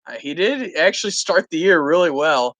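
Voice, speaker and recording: A man's voice: a little high, animated, moderate pace, fairly bright tone, no echo, rough recording. Chatty man trading fantasy picks, dry. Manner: chatty, asks for opinions. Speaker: fantasy football show co-host. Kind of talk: casual livestream banter. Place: at home.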